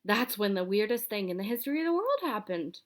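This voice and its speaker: Woman, storybook narration, lively and expressive, mid pitch. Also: fairly quick. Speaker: audiobook reader. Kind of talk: reading a children's chapter book aloud.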